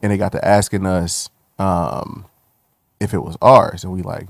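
A man's voice: low-pitched, unhurried, gravelly, dry recording, studio quality. A young man telling a personal story in candid, profane, casual conversation on a podcast. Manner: loose, profane, animated when retelling anger. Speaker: guest.

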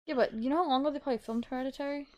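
A woman co-hosting a casual movie podcast with a somewhat high voice. She is laid-back and laughs easily, and she mostly answers with quick agreement. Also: darkish tone. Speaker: podcast co-host. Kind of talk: casual movie-review chat.

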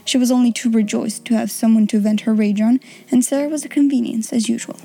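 A woman reads a children's novel aloud for her own podcast, casual and chatty between chapters. Her voice is a touch high and mellow in tone, with faint music playing underneath. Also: fast. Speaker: audiobook podcast host and reader.

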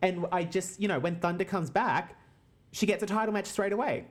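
A woman's voice: fairly low pitch, brisk. A woman hosting a casual wrestling podcast, teasing and swearing freely, often laughing. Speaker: podcast host.

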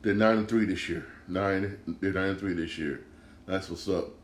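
A man's voice: low voice, fairly even intonation, moderate pace, slight background noise. Exasperated man ranting in an echoey room. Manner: profane, exasperated, repetitive. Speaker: sports podcast host. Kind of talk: solo sports rant.

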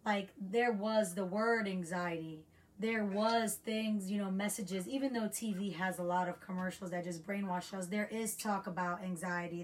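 A young woman from the United States, talking reflectively in a rambling casual chat. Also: medium pitch. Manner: reflective, rambling, restarts often.

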